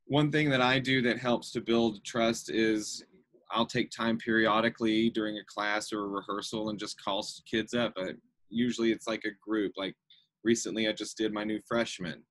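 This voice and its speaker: A man's voice: lowish voice, fairly even intonation, moderate pace, fairly bright tone. A man who directs a school theatre program, giving an earnest, encouraging conference talk with many fillers. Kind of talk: conference presentation.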